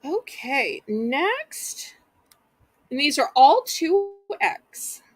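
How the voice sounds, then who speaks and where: A woman's voice: high-pitched, big pitch swings, extremely slow. A woman with a Southern US accent hosting a live online auction, chatting in a folksy way and talking straight to her viewers. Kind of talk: live-stream auction selling.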